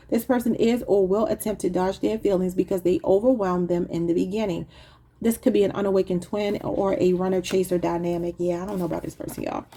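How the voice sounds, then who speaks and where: A woman's voice: medium pitch, warm tone, slight background noise. A woman giving a casual tarot reading, chatting to viewers and laughing often at her own cards. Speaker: tarot reader.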